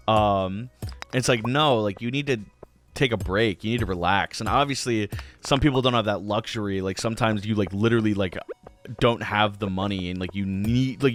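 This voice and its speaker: A man hosting a gaming channel, rambling casually through let's-play commentary with many filler words. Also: lowish voice.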